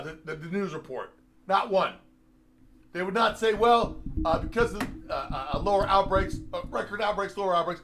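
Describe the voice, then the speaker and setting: A man with a rather high-pitched voice rants angrily, swearing often and mocking what he reads aloud. He trails off into filler sounds between outbursts, and the result is a rambling, sarcastic monologue. He speaks from indoors at a computer. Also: fairly bright tone. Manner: profane, heated, sarcastic, rambling with many fillers. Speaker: host. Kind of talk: angry political rant.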